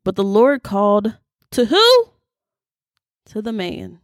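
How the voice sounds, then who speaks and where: A woman hosting a podcast, teaching scripture in a casual, animated way and talking straight to her listeners. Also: mid-range voice, takes it slowly, long pauses, no echo, studio quality.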